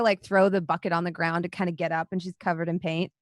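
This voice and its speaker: A woman's voice: lowish voice, level tone, fast talker, no room sound, studio quality. A woman game master narrating a tabletop role-playing game in a casual, descriptive way, with plenty of fillers. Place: home, online session.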